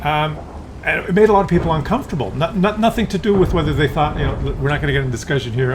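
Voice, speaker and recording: A male YouTube commentator with a high-ish voice rambles quickly through casual video commentary against a noisy background. He is conversational, with hesitant fillers and restarts, and drops into brief acted voices for examples.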